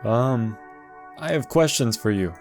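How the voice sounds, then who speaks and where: A man's voice: medium pitch, expressive, unhurried, soft background music. A man casually commenting on a video game walkthrough, reading the game's text aloud and adding dry jokes.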